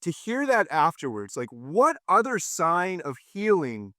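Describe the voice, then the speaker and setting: A man's voice: high voice, measured pace, dry recording, clean studio sound. A middle-aged man hosting his own channel, chatting with enthusiasm to his viewers. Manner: enthusiastic, animated. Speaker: channel host. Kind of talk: casual video chat.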